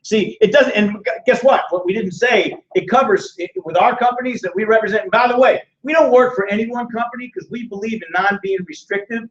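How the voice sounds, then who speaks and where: An older man in his sixties runs a lively financial sales seminar, joking and peppering the audience with questions. His voice sits high for a man. The recording is dull and echoey, picked up from across the room. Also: a little fast, hardly any pauses, distant mic. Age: 60s.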